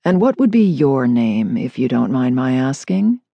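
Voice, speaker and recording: A woman narrator voicing an intense, formal man with a deep, resonant voice who speaks stiffly. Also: big pitch swings, a little slow, vocal fry, no room sound, highs cut off, exaggerated voice.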